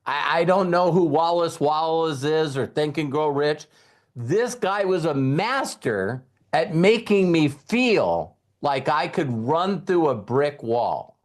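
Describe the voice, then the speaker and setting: A middle-aged man giving a motivational talk, retelling a conversation with halting repeats and emotion. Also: fairly high pitch, lively intonation. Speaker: network marketing trainer.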